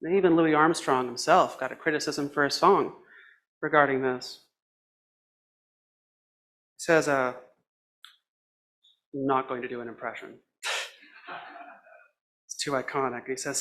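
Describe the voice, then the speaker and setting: A man preaching a sermon as a minister, with a measured, reflective delivery in short phrases. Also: medium pitch, fairly even intonation, a bit bright.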